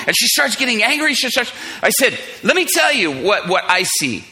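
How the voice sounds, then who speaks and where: A man preaching to a congregation, telling a story and acting out the people in it with animated voices. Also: very high voice, brisk, hardly any pauses. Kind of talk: storytelling sermon.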